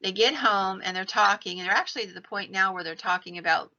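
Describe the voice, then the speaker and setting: Woman, podcast host, casual ghost-story telling, bright voice, slightly dull lo-fi sound. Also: mid-range voice, fast talker. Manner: animated retelling, acts out quoted lines in her own voice.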